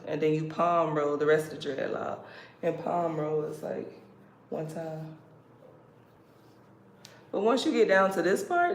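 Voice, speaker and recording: A woman from the States hosting a casual livestream, chatty and playful, laughing as she talks. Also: sits low. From United States. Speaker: livestream host. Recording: roomy echo, background noise.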